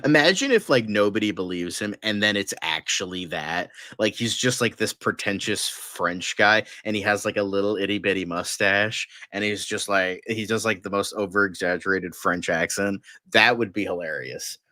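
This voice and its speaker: A man's voice: fairly low pitch, moderate pace, few pauses, bright, forceful tone, no echo, studio quality. A man in casual chat, gushing and rambling with lots of fillers, tired and delirious late at night.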